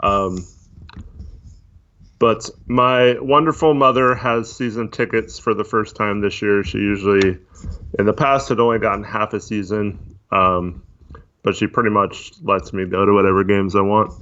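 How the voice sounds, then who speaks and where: A man chatting casually on a livestream, talking in a monotone with many fillers while reading chat. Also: lowish voice, measured pace. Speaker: podcast co-host. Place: voice only on a live stream. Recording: dull lo-fi stream audio.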